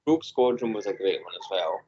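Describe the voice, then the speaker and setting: A man co-hosting a podcast over a video call, telling animated stories and acting out voices. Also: deep voice, brisk, muffled recording, a little hiss or hum. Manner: animated storyteller, acts out voices. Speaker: podcast co-host. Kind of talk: casual chat.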